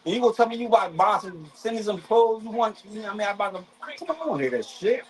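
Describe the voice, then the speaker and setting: High-voiced man venting casually. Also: expressive, racing, rough recording. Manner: rambling, profane venting with many restarts. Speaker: live craps streamer. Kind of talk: casual chat while gambling.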